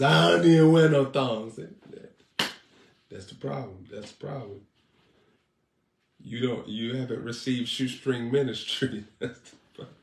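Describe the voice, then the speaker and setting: A man's voice: mid-range voice, gravelly. A man preaching on a broadcast who jokes, teases his listeners and laughs often. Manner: playful, laughs often, teasing the audience. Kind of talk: joking live-stream preaching. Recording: echoey room, distant mic.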